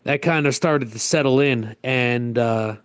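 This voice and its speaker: A man's voice: mid-range voice, unhurried, clean tone, no echo. A middle-aged man from the Northeast United States, co-hosting a podcast and telling a long rambling anecdote in casual chat, acting out the quotes. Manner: rambling, self-interrupting anecdote with acted-out quotes. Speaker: podcast co-host.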